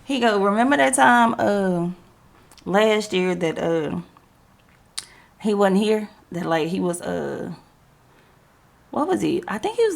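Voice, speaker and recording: A woman's voice: fairly low pitch, creaky. A young woman hosting a podcast, telling a story in casual slangy talk and acting out the quoted dialogue. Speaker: podcast host.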